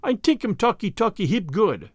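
A sly, scheming male prisoner on a boat, put on by a male storyteller, wheedling in broken pidgin. The voice sits a little high and swoops about, recorded dry and close with no room sound. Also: big pitch swings, moderate pace, breathy edge, dry recording, heavily acted. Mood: indignant.

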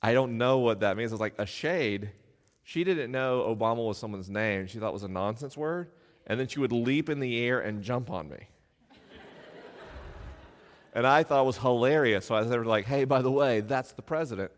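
A middle-aged man, the show's host, telling wry, self-deprecating stories to a live audience from a stage, with quick asides. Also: medium pitch. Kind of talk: live stage talk, conversational storytelling. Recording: long hall reverb from a live venue.

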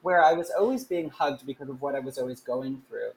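A man's voice: mid-range voice, brisk, gravelly, low-quality recording. A man talking as a podcast guest, earnest and rambling, with many fillers and restarts. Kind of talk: casual chat.

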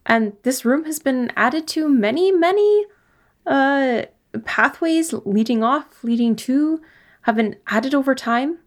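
A woman's voice: sits high, animated, slow pace. A woman playing in a tabletop game podcast, casually describing her character's actions with some hesitation. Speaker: player.

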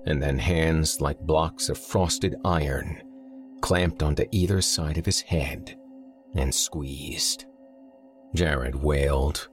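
A man reading a horror story aloud in steady, measured scripted narration. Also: very deep voice, faint music behind. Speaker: audiobook narrator.

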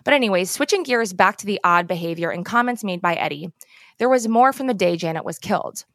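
Female podcast host, mid-pitched, measured scripted narration, dry booth sound. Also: expressive, a bit bright, no echo. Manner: measured, explanatory. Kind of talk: scripted true-crime narration.

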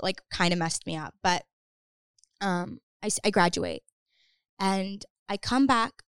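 A young woman guest telling a story in casual chat, talking quickly with lots of fillers and acting out what people said. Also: mid-range voice, clear, resonant tone, dry recording, studio quality. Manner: fast, lots of "like", acts out quotes.

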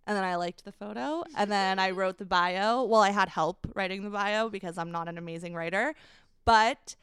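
A young woman guest tells a heartfelt story, pausing often and filling gaps with likes and ums. Her voice is very smooth and resonant. The recording is close and dry, with no room sound. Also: medium pitch, fairly bright tone, no echo. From United States. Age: 20s. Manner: emotional, hesitant, many likes and ums. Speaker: guest, brand founder. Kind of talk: candid podcast storytelling.

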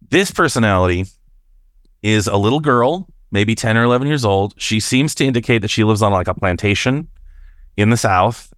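A man calling in to tell a personal story in a casual, halting way, jumping higher when he acts out quoted voices. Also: dry recording, clean studio sound. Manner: animated, jumps up in pitch to act out quoted voices; halting, with restarts and fillers. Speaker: caller sharing a personal experience.

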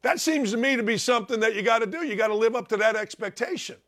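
High-pitched animated male host. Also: fast talker. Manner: animated, emphatic questioning. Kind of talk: casual interview talk.

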